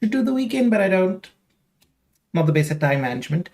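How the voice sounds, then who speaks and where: A man's voice: high voice, big pitch swings, a little fast, vocal fry, a little mellow. A young man chatting casually on a live stream, rambling with lots of fillers as he talks straight to his viewers.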